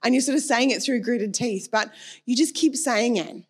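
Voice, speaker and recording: A woman's voice: fairly high pitch, moderate pace, slightly rough. Earnest woman preaching a personal sermon.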